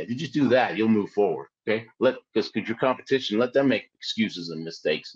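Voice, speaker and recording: A man, a former Olympic luge athlete, telling his story in a lively, conversational way, often checking in with his listeners. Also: on the low side, quick pace, hardly any pauses, slightly rough. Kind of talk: storytelling in an interview. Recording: dull lo-fi sound.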